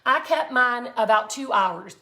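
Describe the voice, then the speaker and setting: A woman's voice: on the high side, lively intonation, measured pace, pushed and bright. A middle-aged woman hosting a live craft tutorial, chatty and folksy, greeting viewers by name as she works. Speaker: art tutorial host.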